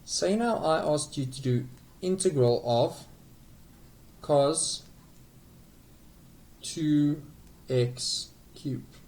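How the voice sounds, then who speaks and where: A math tutor patiently walks through calculus step by step, saying okay frequently and making small self-corrections. His voice is on the high side and a little mellow, very slow with frequent pauses, and the audio is poor.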